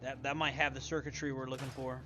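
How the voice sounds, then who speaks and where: A man's voice: mid-range voice, little pitch movement, quick pace, bright, forceful tone, faint music behind. A young man streaming a game, rambling and swearing casually as he plays. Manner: rambling, profane, muttering to himself. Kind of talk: casual gameplay commentary.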